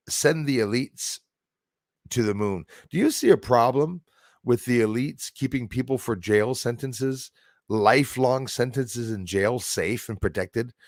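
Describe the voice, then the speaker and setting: Canadian man, livestream host, rambling emphatic talk, middle pitch, dry close sound. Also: dry recording. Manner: rambling, emphatic, frequent fillers and restarts; reads out and thanks viewers in chat.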